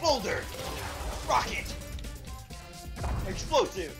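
Excitable woman narrating gameplay over music. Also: a little high, slow. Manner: excitable, laughing, exclaiming. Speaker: gaming channel host. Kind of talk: casual gameplay commentary. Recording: game music playing behind.

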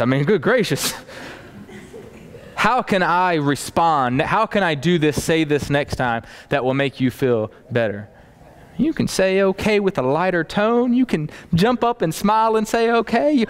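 A man preaching a sermon to a congregation, acting out everyday dialogue as he teaches. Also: high-pitched. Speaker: pastor.

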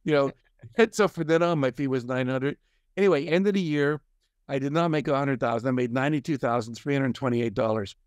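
Older man telling lively stories, dry mic. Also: medium pitch, brisk, smooth, dry recording. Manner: animated storyteller, acts out quoted voices. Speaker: guest, success coach and author. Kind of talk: storytelling in a conversation.

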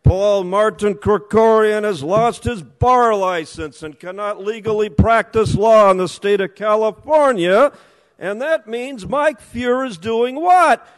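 Slow, sarcastic high-voiced man. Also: in a large hall, poor audio. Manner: sarcastic, accusatory, slow deliberate delivery. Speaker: public commenter. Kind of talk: public comment at a council meeting. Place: council chamber.

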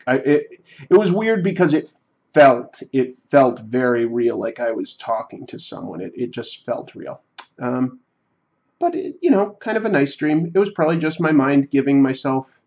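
A man hosting a livestream, telling a story in a rambling, reflective, halting way. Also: mid-range voice, expressive, gravelly, a little mellow, lo-fi sound. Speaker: livestream host. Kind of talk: casual storytelling while drawing on a livestream.

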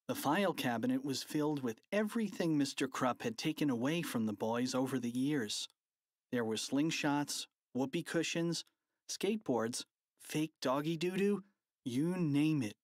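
A playful, expressive narrator reading a children's audiobook. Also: medium pitch, a little slow, no room sound, studio quality.

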